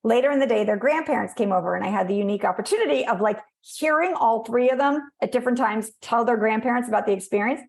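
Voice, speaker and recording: Woman podcast guest, slightly high voice, animated storyteller, loose conversational delivery. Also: fast, creaky, few pauses. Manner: animated storytelling, acts out voices, many fillers.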